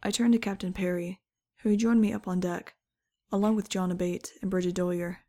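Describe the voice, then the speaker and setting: A woman's voice: lowish voice, steady tone, a little fast, mellow. A woman reading an audiobook in a wry, conversational first-person narration.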